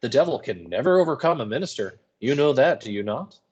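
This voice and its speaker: A man's voice: mid-range voice, sing-song, fast talker, a little mellow, husky, lo-fi sound, pitched above the performer's own voice. A man reading the part of a zealous minister in a play, earnest and preacherly as he coaxes a confession. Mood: coaxing.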